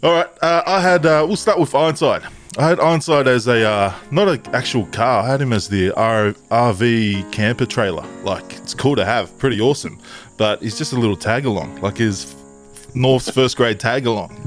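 A man from Tonga co-hosting a podcast, laid-back and quick to laugh in casual banter. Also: mid-range voice, soft background music. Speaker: podcast co-host.

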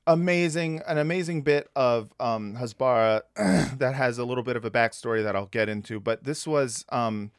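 A man's voice: mid-range voice, moderate pace, few pauses, clean tone, no echo, clean studio sound. A man hosting a podcast, talking casually, swearing often and laughing easily. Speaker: podcast host.

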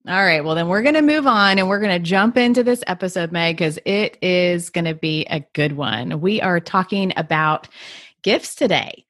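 A woman co-hosts a podcast, chatting casually and cheerfully about her kids and laughing easily and often. Her voice is fairly low, animated and fairly bright, at a normal pace. The recording is clean studio sound with no room echo.

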